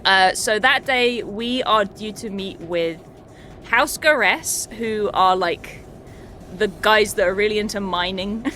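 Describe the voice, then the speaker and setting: A woman's voice: mid-range voice, takes it slowly, pushed and bright, soft background music. A woman streamer chatting casually, swearing and laughing often as she recaps a tabletop game.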